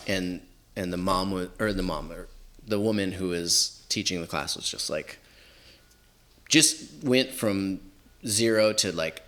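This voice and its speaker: Speaking at a measured pace in a low, fairly bright voice, a forty-something man from Southern California shares stories as a podcast guest. His casual storytelling rambles, packed with filler words like "like" and "you know."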